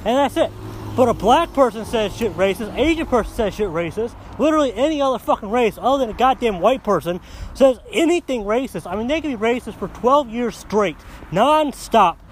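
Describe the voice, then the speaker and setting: A man's voice: extremely high pitch, lively intonation, brisk, a little hiss or hum. A man hosting a podcast, delivering a coarse, heated monologue full of swearing, recorded on a phone outdoors. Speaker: podcast host. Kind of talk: profane ranting monologue.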